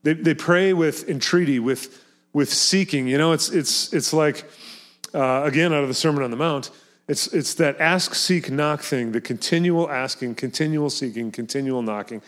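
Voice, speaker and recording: A man's voice: on the high side, moderate pace. A man preaching a sermon as pastor, talking earnestly and emphatically, often repeating words and phrases for effect.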